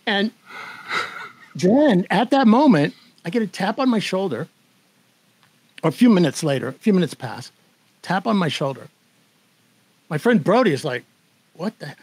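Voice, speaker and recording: An older man as a guest, telling a story with a slightly high voice. He acts out the other people's lines with animation. He laughs as he talks. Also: sing-song, moderate pace, long pauses, a little mellow, slightly rough, rough recording. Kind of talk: storytelling in conversation.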